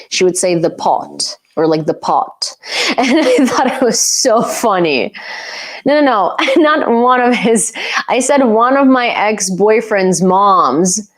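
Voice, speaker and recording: A young woman from Ukraine chatting casually on a live stream, reading viewer comments and laughing often. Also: fairly low pitch.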